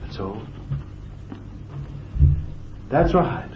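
A man preaching a fervent sermon, swinging from loud exclamations to hushed asides. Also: mid-range voice, expressive, very slow, slight background noise. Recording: roomy, distant, dull lo-fi tape recording.

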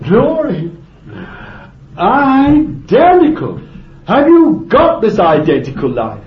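A man's voice: extremely high pitch, wildly swooping pitch, extremely slow, pauses often. A man preaching a sermon with fervent exclamations of praise and bursts of laughter. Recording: echoey, dull, lo-fi recording with faint noise.

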